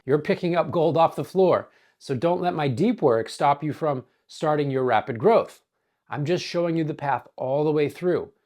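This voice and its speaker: Man, hoarse, earnest scripted narration, measured and deliberate. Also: on the high side. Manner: measured, earnest, dramatic pauses. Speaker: wellness coach.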